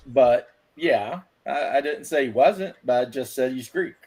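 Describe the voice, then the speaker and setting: A husky-voiced man chatting casually on a podcast. He rambles from story to story with crude jokes. He laughs at his own punchlines. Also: mid-range voice, animated, measured pace, darkish tone. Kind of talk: casual chat.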